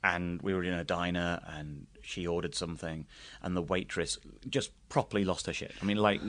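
A man's voice: deep voice, fast. A man from England with an English accent, a comedian telling anecdotes in a casual chat and laughing often. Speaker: guest comedian.

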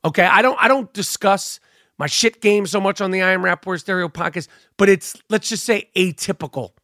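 A middle-aged man, hosting a podcast and telling a profane, animated comic story that acts out the other voices. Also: sits high, fairly quick, dry recording, clean studio sound. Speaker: podcast host.

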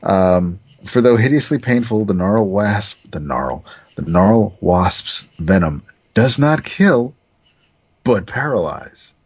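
A man casually recapping a comic book plot, halting with fillers and restarts. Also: on the low side, very animated, darkish tone, slightly rough, dull audio. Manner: halting, many fillers and restarts while summarizing. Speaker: podcast co-host recapping a comic.

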